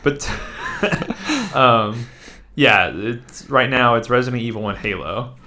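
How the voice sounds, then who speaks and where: A man's voice: medium pitch, sing-song, slow pace, noisy background. A man co-hosting a casual gaming podcast, rambling with lots of fillers. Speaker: podcast co-host. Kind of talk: casual chat.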